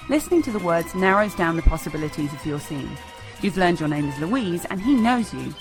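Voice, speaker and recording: A woman teaching improv comedy in a bright, demonstrative instructional narration. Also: lowish voice, big pitch swings, brisk, music in the background. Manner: bright, demonstrative, sing-song.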